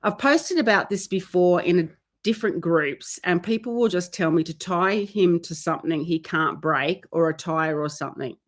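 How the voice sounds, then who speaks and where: A woman's voice: on the low side, normal speed. A woman who trains horses, hosting a casual weekly live Q&A and talking in a chatty, easygoing way as she reads out a viewer's question. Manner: chatty, often breaking off to scold her dogs. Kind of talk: casual live-stream chat. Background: dogs barking and playing nearby.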